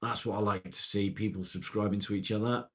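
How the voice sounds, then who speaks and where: A man's voice: lowish voice, steady tone, fairly quick, fairly bright tone. A middle-aged man, casually chatting and reassuring viewers on a live stream.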